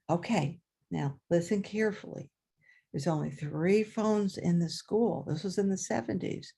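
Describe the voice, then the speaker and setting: An older woman, a former teacher, telling a story aloud at a story swap and acting out the voices with big leaps in pitch. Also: unhurried, creaky, slightly rough. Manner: animated, voices characters with big pitch jumps.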